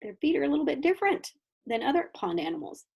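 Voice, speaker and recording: Reading a picture book to her kindergarten class, a woman uses an animated, questioning storybook voice and pauses to explain things to the children. She speaks quickly in a high pitch.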